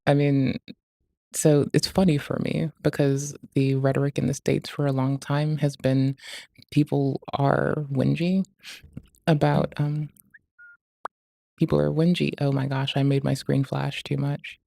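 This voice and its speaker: A rambling, sweary streamer talks loosely over the videos they react to, forever interrupting themselves. The voice is dark and gravelly, and it sits dry and close on a desk mic. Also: mid-range voice, level tone, unhurried, no echo. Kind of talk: casual reaction chat.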